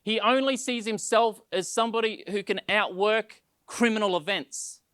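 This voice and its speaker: A man's voice: high voice, normal speed, fairly bright tone, clear, resonant tone, no room sound, studio quality. A male pastor preaching a sermon, telling stories with acted-out quotes, often repeating words as he starts sentences.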